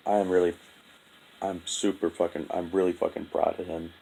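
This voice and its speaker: A young man telling a painful personal story in a halting, profane, heavy-hearted monologue. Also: sits low, level tone, gravelly, mellow, husky, poor audio. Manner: halting, profane, full of restarts and fillers. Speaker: vlogger.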